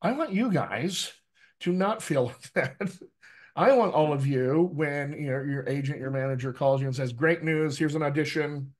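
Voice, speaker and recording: Dialect coach guy, slightly high voice, upbeat and chatty, keeps asking the room "right?". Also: moderate pace. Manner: lively, addresses the group directly, frequent "right?" tags. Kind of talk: energetic workshop talk.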